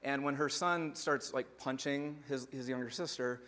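A young adult man, a pastor, gives a conversational sermon built on numbered points with lively asides. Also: mid-range voice, moderate pace.

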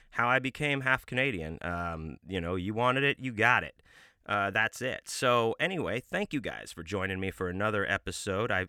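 A man hosting his own podcast, telling a comic story in a deadpan, mock-serious way and drawing out words for emphasis. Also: on the low side, clear, resonant tone, no room sound, studio quality. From United States. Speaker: podcast host.

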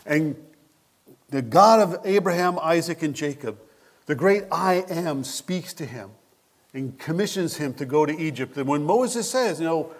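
A male pastor preaching a sermon at an unhurried, deliberate pace. His voice sits a little higher than most men's, and his delivery is expressive and animated as he puts questions straight to the congregation. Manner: asks the listeners questions directly.

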